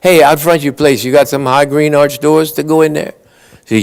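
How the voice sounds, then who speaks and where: A man's voice: on the high side, level tone, moderate pace, creaky, clear, resonant tone. A man telling long, folksy joke stories at a conference awards ceremony, briefly acting out his characters' lines. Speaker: after-dinner joke teller.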